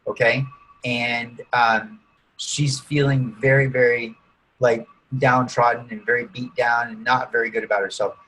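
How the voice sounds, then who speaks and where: A man working as a coach, calmly guiding listeners through a visualization exercise in an interview and often checking in with "okay?" and "right?". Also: medium pitch, measured pace, a little hiss or hum, poor audio. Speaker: guest coach using neurolinguistic programming. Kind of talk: guided visualization during an interview.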